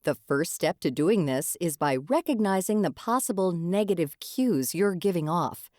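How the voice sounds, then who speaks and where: Woman, low pitch, lively intonation, scripted radio narration, dry studio. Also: moderate pace, no room sound. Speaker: radio show host.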